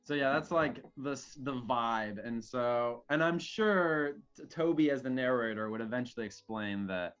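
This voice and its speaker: A man's voice: mid-range voice, normal speed, few pauses, fairly bright tone, smooth, highs cut off, soft background music. A man playing a tabletop game, telling a story with many "like" fillers. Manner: rambling, full of "like" fillers. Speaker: tabletop player.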